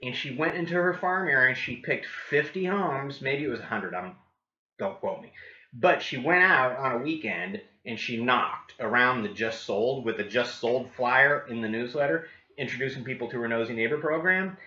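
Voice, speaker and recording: An upbeat man coaching agents, his voice bright and forward. He keeps checking in with the listeners. The sound is roomy and a little dull. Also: medium pitch, normal speed. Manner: upbeat, keeps asking "right?". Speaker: real estate coach. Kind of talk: training talk with role-played doorstep scripts.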